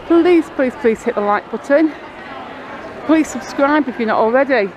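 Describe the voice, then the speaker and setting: Woman, casual rambling vlog talk, higher voice, handheld camera outdoors, clear street noise behind. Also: moderate pace, a crowd in the background. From Blackpool, England. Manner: chatty, rambling storytelling. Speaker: vlogger. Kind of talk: casual walking vlog narration. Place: outdoors on a busy town street. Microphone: handheld camera mic.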